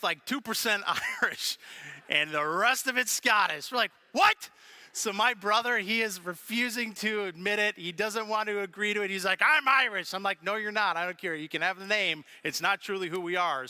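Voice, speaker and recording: A man preaching a sermon as pastor, telling funny family stories with lively animation. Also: high voice. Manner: storytelling with humor, animated. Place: church sanctuary.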